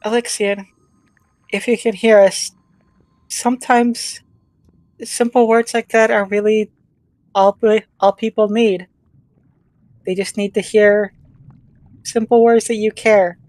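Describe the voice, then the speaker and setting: A woman's voice: mid-range voice, level tone, slow, long pauses, a little mellow, dry recording. A woman player in a tabletop game, speaking earnestly and sometimes in character. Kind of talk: casual tabletop play.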